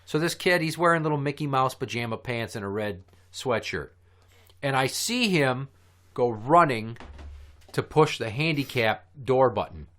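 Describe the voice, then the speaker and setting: A man hosting a podcast spins a rambling anecdote, swearing freely and building the story with lively bursts. His voice sits at an ordinary pitch for a man and carries an easy, chatty rhythm. He talks like a friend recounting a bad day. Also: normal speed. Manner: profane, animated storyteller. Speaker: podcast host. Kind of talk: casual storytelling chat.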